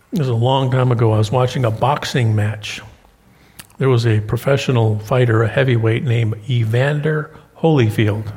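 Husky preaching man in a reverberant hall. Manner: animated preaching, pitch leaping up for emphasis. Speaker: pastor. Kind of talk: sermon.

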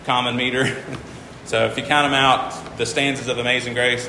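A man's voice: mid-range voice, flat delivery, normal speed, pushed and bright, roomy sound, long reverb tail, slight background noise, poor audio. A man teaching a class, patiently walking through examples and counting syllables aloud. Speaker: teacher explaining hymn meters. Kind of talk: informal classroom lecture.

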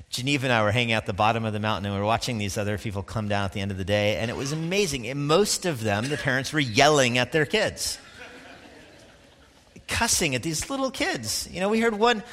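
A man preaching a sermon, talking to the congregation in a loose, conversational way with quick asides. His voice is bright and forceful. It rings out with a long reverb, as in a big hall. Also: mid-range voice. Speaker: pastor.

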